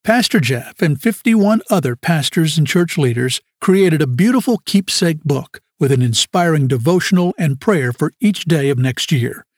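A male announcer reading a scripted radio ministry promo in a smooth promotional manner. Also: on the high side, animated, moderate pace, few pauses, no room sound, studio quality.

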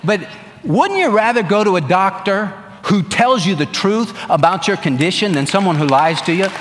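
A man's voice: high-pitched, lively intonation, moderate pace, fairly bright tone, long reverb tail, a faint crowd, slight background noise. A man preaching a sermon as pastor, earnest and emphatic, repeating his phrases.

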